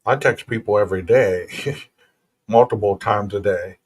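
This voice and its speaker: A man's voice: lowish voice, measured pace, breathy edge. A man hosting a true crime podcast, reading official reports aloud in a plain voice and breaking off to talk casually to his listeners. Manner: casual, reads documents then comments to listeners. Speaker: podcast host.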